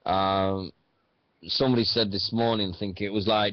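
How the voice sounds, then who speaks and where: A man's voice: lowish voice, fairly even intonation, moderate pace, no echo. A man hosting a radio show, chatting casually about wrestling in a rambling, hesitant way. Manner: rambling, hesitant with many fillers. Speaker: radio host. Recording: dull dry sound.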